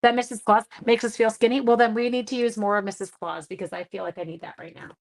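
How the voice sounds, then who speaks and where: A woman's voice: on the high side, steady tone, fast, gravelly. A middle-aged woman hosting a casual crafting livestream from home, chatting to viewers by name and poking fun at her own mistakes. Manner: chatty, self-deprecating, greets viewers by name. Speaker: craft demonstrator, livestream host.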